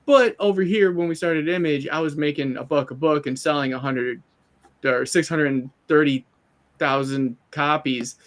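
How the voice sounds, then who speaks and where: A man's voice: on the high side, moderate pace. A man co-hosting a casual comics talk stream, telling long stories and quoting people as he goes. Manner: animated storyteller, quotes people in put-on asides. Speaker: co-host. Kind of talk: casual chat.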